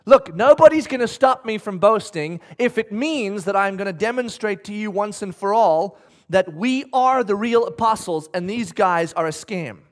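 A man preaching a sermon, animated, acting out quotes with the odd laugh. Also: high voice, normal speed. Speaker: pastor.

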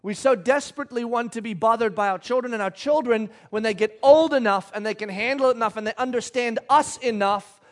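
High-voiced, chatty male pastor. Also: a little fast, few pauses. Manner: conversational, joking, asks the audience questions. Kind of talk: sermon.

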